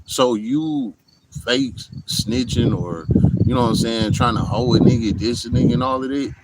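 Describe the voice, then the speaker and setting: Recorded outside in the heat, a vlogger speaks casually and bluntly to camera, swearing and often saying "you know what I'm saying." He uses a medium pitch at a moderate pace, and the clip is very noisy.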